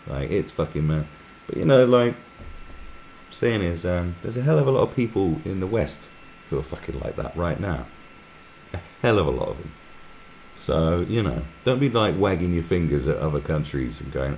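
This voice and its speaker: Male streamer, booming low register, animated delivery, rambles and swears freely. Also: a little fast, a little hiss or hum. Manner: sweary, restless, often breaks into mocking impressions. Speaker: live stream host. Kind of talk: casual rambling commentary.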